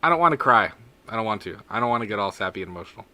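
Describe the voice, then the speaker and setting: A man's voice: on the low side, lively intonation, rapid-fire, bright, forceful tone. A young man co-hosting a live movie podcast, laughing often, reading chat aloud, and getting sentimental. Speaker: podcast co-host. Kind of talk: casual live-stream chat.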